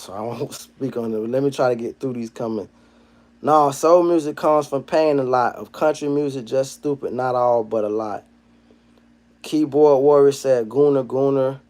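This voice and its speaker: A man chatting on a livestream, reading comments and firing back at them in slangy, profane banter. His voice sits a little high for a man. It drops to low mumbles, then jumps into loud, heated rants. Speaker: livestream host.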